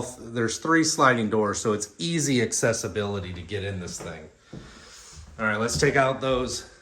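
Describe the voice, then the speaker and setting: With a lowish, somewhat bright voice and a Texan accent, a real estate agent films a home tour on a handheld camera, moving through the house and backyard. He stays chatty and playful, ticking off features in fast lists while slightly out of breath.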